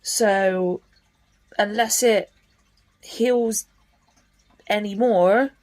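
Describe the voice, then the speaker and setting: A woman's voice: mid-range voice, drawn-out words, darkish tone. A woman talking frankly and bluntly in a casual home vlog. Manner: frank and blunt, mildly annoyed. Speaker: vlogger.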